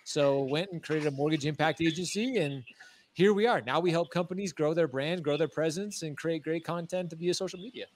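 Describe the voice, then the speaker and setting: A man in his thirties, a guest telling his career story in a casual interview, excited and slangy with many fillers and restarts. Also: on the high side, brisk, slight background noise. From Utah, USA. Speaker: guest, agency founder.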